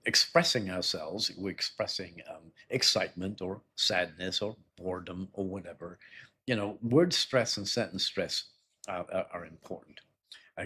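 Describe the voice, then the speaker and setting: A man teaching an exam-prep lesson in a loose, conversational way, often clearing his throat and repeating words. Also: on the low side, fairly bright tone. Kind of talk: explanatory spoken lesson.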